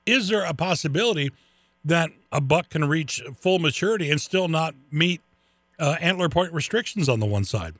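A man hosting a radio show, chatty and animated, telling stories with quick restarts. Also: a little high, dry recording. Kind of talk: casual radio interview.

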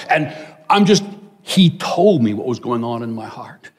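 A middle-aged male pastor tells stories in a sermon in a large, reverberant church hall, tossing animated asides to the congregation. His mid-range voice moves briskly.

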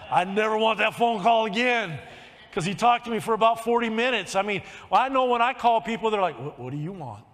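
A man with a high-pitched voice preaches from the front of a church, sharing his own testimony. He drops to hushed, breathy confessions, then lifts into loud, soaring exhortation. The long reverb of the sanctuary trails every phrase. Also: normal speed. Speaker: pastor. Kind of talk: sermon with personal testimony.

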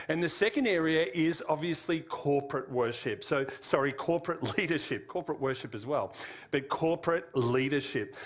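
A man with an Australian accent giving an informal sermon, with frequent fillers and self-corrections. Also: mid-range voice. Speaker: preacher. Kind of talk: sermon teaching.

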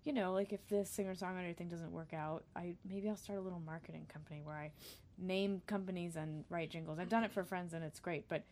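A woman's voice: lowish voice, steady tone, fast, darkish tone, a little hiss or hum. A woman singer-songwriter chatting casually as a guest, self-deprecating and talkative. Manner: chatty, self-deprecating, sings short jingles. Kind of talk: casual chat.

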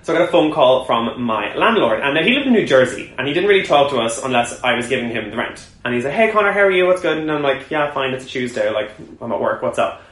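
A man co-hosting a podcast, telling a story at a table with two co-hosts in an animated, laughing way. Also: medium pitch, fast. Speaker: podcast co-host. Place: room shared with two co-hosts around a table. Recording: echoey room.

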